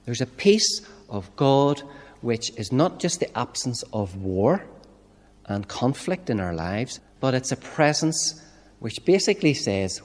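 Northern Irish male preacher, mid-pitched, relaxed sermon full of rhetorical questions, long church echo. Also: measured pace. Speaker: minister preaching. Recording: church reverb.

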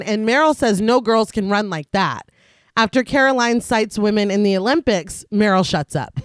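A woman's voice: medium pitch, dry recording, clean studio sound. A woman co-host of a podcast, narrating a film's plot in a casual recap and laughing often.

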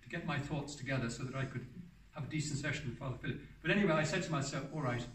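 A man's voice: mid-range voice, very fast, a bit bright. A man in his seventies giving a rambling, anecdotal talk about his life as a hermit, often restarting and correcting himself mid-sentence. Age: 70s. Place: hall for a public talk. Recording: roomy sound from a distant mic.

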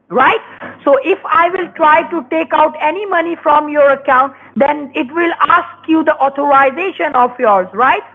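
A woman's voice: sits high, narrow, tinny audio. A woman scamming over the phone, pushy and repetitive, with broken English. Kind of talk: phone call.

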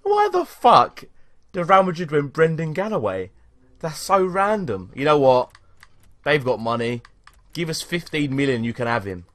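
A young British man commentating live on his own football video game, excitable and swearing at the play. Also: a little high, moderate pace. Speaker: gaming YouTuber.

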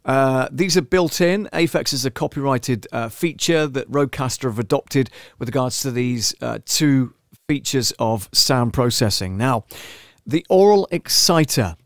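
Man, casual tutorial talk, mid-pitched voice, chatty, dry studio sound. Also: normal speed, a bit bright, no echo. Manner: chatty and self-deprecating, often asks the viewer along. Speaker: audio producer demonstrating mixer settings. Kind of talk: casual live-stream tutorial. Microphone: studio microphone through a mixer.

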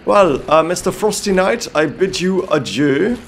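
A man from Belgium narrates his game in character, playfully gallant and theatrical. His pitch swoops widely in comic bursts, yet he speaks slowly and deliberately. Faint ambience sits behind him. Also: expressive, gravelly, slight background noise. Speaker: gameplay commentator. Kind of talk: in-character let's-play commentary.

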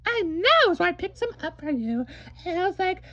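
Loud, sassy sister for a puppet comedy, squeaky high and lively. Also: female voice, moderate pace, no room sound, dull audio, exaggerated voice. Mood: brash. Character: brash foul-mouthed young woman, visiting sister. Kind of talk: comedic puppet-show acting.

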